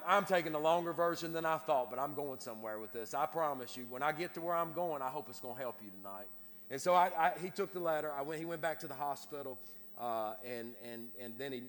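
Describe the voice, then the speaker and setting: A preacher with a medium-pitched, somewhat bright voice tells a personal story during a sermon in a church sanctuary. He repeats himself and restarts with stammers, and the reverberant hall carries faint noise.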